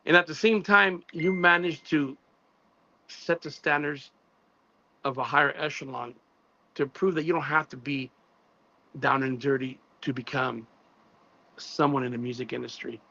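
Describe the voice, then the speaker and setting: A man hosting a casual live-stream interview, shouting out viewers and praising his guest. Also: medium pitch, fairly even intonation, normal speed, vocal fry, long pauses. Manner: shouts out viewers, admiring and emphatic. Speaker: show host. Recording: dull lo-fi dry sound.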